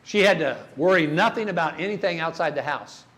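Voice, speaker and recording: Older man, church workshop speaker, folksy storyteller, slightly high voice. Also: expressive, a little fast, fairly bright tone. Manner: folksy storytelling, asks the audience questions.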